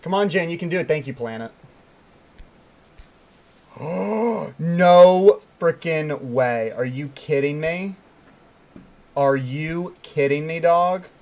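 A young man giving live commentary while playing a hard climbing game, excitable and swinging between quiet mutters and sudden yelps. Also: a little high, moderate pace. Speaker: gaming streamer.

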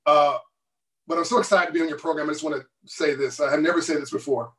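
A man with a high voice talks as an interview guest, pressing each point with emphatic bursts and short laughs. He sits away from the microphone, so the call sound is thin and distant. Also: steady tone, fast. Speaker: guest author. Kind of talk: passionate interview talk.

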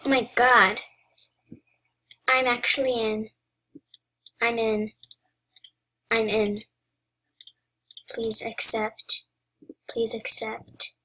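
A woman's voice: on the high side, steady tone, takes it slowly, pauses often, sharp tone, slightly rough. A young woman giving casual game commentary, dramatic and pleading, sometimes dropping into whispers. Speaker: gamer.

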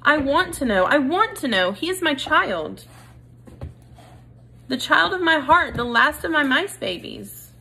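A fussy, theatrical French mother mouse, as a woman reads her aloud for a storybook. She pleads high and loud with a bright, sharp edge. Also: big pitch swings, normal speed, few pauses, heavily acted. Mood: insistent.

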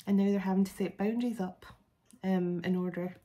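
A woman's voice: mid-range voice, fairly even intonation, a little fast, warm tone, rough recording. A woman giving a casual spoken tarot reading. She rambles chattily, with many fillers and restarts. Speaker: tarot reader.

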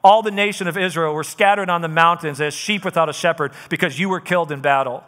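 Bright high-voiced pastor in a reverberant hall. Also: male voice, fast. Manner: lively storytelling, paraphrasing scripture with casual asides. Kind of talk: sermon. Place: church auditorium.

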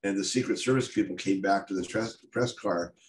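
A middle-aged American photographer gives a storytelling talk about his career, candid and self-deprecating, with plenty of filler words. His voice is low-pitched and a little fast. The room is echoey, with faint background noise.

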